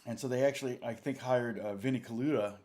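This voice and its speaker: A man's voice: mid-range voice, quick pace, a little mellow. Rambling man telling a session story. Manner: rambling, self-correcting, chuckling anecdote. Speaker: guitar teacher and channel host. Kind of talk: casual storytelling in a lesson.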